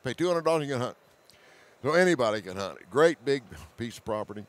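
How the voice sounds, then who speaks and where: A man telling a hunting story as a guest, animated, laughing often, with hurried restarts and repeated words. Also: medium pitch. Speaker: hunting show host as guest. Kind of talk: storytelling in conversation.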